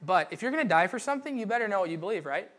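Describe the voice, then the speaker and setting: A young adult man preaching a casual sermon, chatty and joking, with many fillers and quick asides to the congregation. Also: high-pitched, very animated, a bit bright. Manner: chatty, joking, lots of "like" and "right?". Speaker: pastor.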